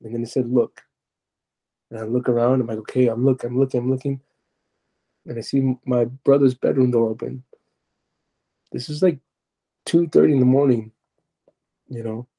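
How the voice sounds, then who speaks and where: Gravelly, dark-voiced man telling his testimony. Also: mid-range voice, steady tone. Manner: halting, searching for words, many restarts. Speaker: podcast guest. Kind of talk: personal testimony.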